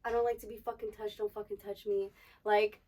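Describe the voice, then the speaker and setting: A woman's voice: mid-range voice, little pitch movement, fairly quick, darkish tone, far from the mic. A young woman co-hosting a casual chat, giving blunt, profane pep talk. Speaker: podcast co-host, dancer.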